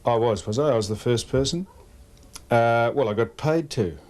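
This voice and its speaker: A man's voice: medium pitch, moderate pace, darkish tone. A man with an Australian accent, a former footballer, giving dry, wisecracking answers in a casual interview.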